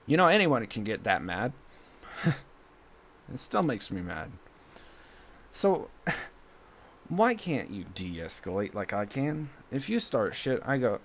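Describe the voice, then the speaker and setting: A man streaming, ranting angrily into the camera. His pitch jumps all over as he swings from loud bursts to low muttering, swearing as he goes, with a faint hiss under the recording. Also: big pitch swings, takes it slowly, long pauses.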